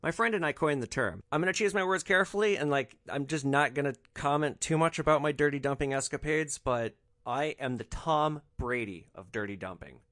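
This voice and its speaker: A man's voice: a little high, fairly quick, a bit bright, no echo, clean studio sound. A male podcast host telling a story in a sardonic, profane way.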